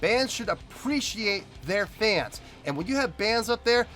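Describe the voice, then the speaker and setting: Man, high bright voice, music reaction host, emphatic, repetitive rant, faint music behind. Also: expressive, unhurried. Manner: ranting, emphatic, repeats himself. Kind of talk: reaction video commentary.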